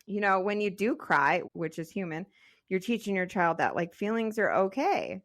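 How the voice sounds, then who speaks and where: A woman's voice: medium pitch, very animated, normal speed. A woman in her thirties co-hosting a podcast, chatting casually and peppering her talk with "like.". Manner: chatty, frequent "like" fillers. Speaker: podcast co-host. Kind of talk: casual chat.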